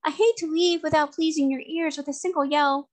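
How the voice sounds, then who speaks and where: A woman voicing a pleading male sea monster with claws, high and wheedling, in a storybook reading. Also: fairly even intonation, a little fast, natural voice.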